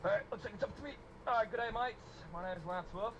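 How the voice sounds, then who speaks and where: A man's voice: fast, natural voice. A man putting on a jokey Australian persona who greets his mates in a raised, hammy voice over a noisy live stream recording. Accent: put-on Australian. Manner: jokey, hammy, higher put-on voice.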